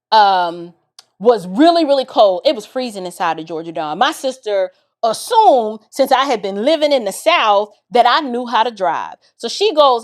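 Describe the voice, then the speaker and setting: A woman from the Bronx telling a personal story in a casual, expressive way, talking straight to her listeners. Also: a little high. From the Bronx, New York. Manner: animated and expressive, addresses listeners directly.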